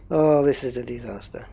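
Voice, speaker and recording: A man's voice: mid-range voice, creaky, warm tone, slightly rough. A man running a gaming livestream, rambling casually and thinking aloud while he troubleshoots.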